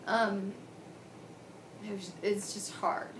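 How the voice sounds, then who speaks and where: A woman's voice: mid-range voice, steady tone, drawn-out words, background noise. Twenties woman rambling thru her story, emotional, lots of restarts, echoey room. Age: 20s. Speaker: patient sharing her surgery story. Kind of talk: personal video diary.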